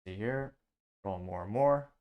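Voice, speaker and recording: A man's voice: lowish voice, a little slow, narrow, tinny audio. Man hosting a casual news commentary show. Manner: reads comments out, adds wry asides. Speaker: host. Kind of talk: casual commentary reading social media posts aloud.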